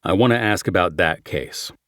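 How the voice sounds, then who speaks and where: A weary male police sergeant, as a man reads him, plain and matter-of-fact. His voice sits low. The sound is close and dry. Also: normal speed, a bit bright, dry recording.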